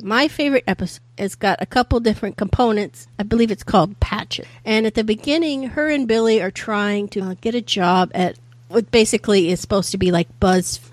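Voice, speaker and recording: A woman's voice: medium pitch, a little fast, dry recording. A woman chatting as a podcast guest, laughing often as she retells a favorite episode. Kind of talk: casual chat.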